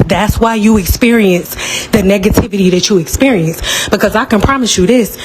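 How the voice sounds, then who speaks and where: A woman's voice: mid-range voice, darkish tone, a little hiss or hum. Blunt, sassy woman stylist ranting. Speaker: hair stylist. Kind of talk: casual direct-to-camera rant.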